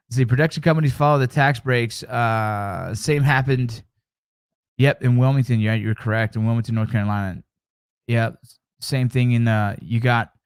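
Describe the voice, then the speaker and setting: Hosting a casual live stream, a man chats with viewers, jokes, tells stories, and reacts to the chat. His mid-range voice is captured dry, with studio quality.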